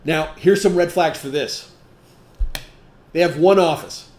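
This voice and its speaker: A man's voice: a little high, measured pace, darkish tone, roomy sound. A man giving a training talk to a group, emphatic and full of rhetorical questions, checking in with "okay?" again and again. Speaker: sales trainer.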